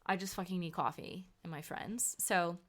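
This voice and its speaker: Here a podcast host and author in her thirties speaks at a moderate pace, her lowish voice carrying a bit of brightness. She runs a casual solo show, talking in a chatty, emphatic way while sounding drowsy and worn out.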